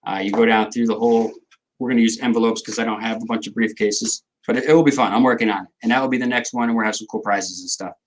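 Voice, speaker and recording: A man's voice: on the low side, fairly even intonation, fast, rough recording. A middle-aged man, hosting a casual livestream, rambling and joking as he answers viewers' comments. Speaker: livestream host.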